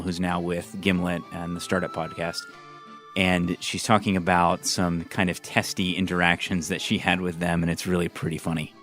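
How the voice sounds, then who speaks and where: A man's voice: deep voice, a bit bright. A man hosting a podcast, narrating earnestly between clips. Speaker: podcast host.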